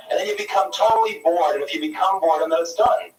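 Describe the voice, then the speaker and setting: A man giving a live spiritual talk in a conference hall, animated and playful, swinging between loud bursts and soft whispers. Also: a little high, fast talker, few pauses, noisy background. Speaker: spiritual teacher. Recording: echoey hall, mic far off.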